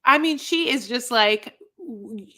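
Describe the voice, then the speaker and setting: Bright-voiced woman telling a story casually. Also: on the high side, a little slow. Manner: relaxed storyteller, acts out quotes, fillers like "you know". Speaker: podcast co-host. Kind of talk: casual chat.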